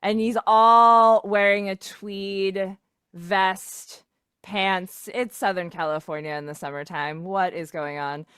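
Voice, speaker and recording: A woman running a tabletop game as game master, unhurried and giggly, breaking into laughter as she describes scenes. Her voice sits at a middle pitch and is recorded close and dry. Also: steady tone, fairly bright tone, clean tone, no room sound. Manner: giggly, chatty, narrating with lots of fillers.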